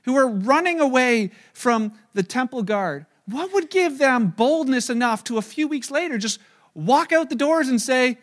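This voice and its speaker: A man with a strikingly high voice delivers a sermon. He retells scenes with animated storytelling and frequent chuckles. He sounds middle-aged. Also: moderate pace. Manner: lively storytelling, acting out scenes; chuckles while talking. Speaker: pastor.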